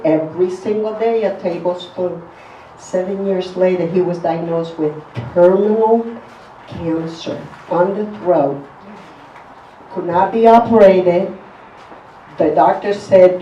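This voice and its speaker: A woman's voice: lowish voice, slow pace, dark tone, slight background noise. A woman giving an earnest, emphatic personal faith testimony. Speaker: testimony speaker. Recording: echoey, distant, dull recording.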